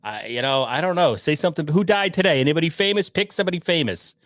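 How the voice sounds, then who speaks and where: A man's voice: on the high side, very animated, quick pace, few pauses, fairly bright tone, no room sound, clean studio sound. A man hosting a podcast livestream, reacting to a news clip and rambling sarcastically. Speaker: podcast host. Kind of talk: casual livestream commentary.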